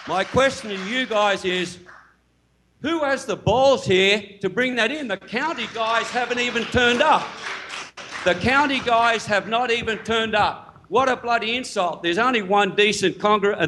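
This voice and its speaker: A man's voice: high voice, a bit bright. A man, speaking heatedly and bluntly from the floor at a town hall meeting.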